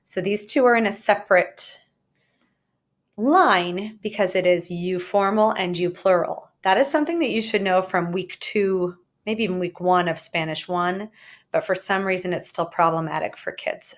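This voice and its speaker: A woman explains grammar in a recorded video lesson, lively and jokey, with playful asides. Her voice sits a little low for a woman. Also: normal speed. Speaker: Spanish teacher.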